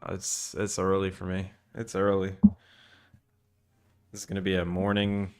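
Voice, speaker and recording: A young man chatting casually with viewers on a live stream, drowsy and relaxed in his early-morning voice. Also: deep voice, measured pace, faint music behind. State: just woken up, morning voice. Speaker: game developer streamer.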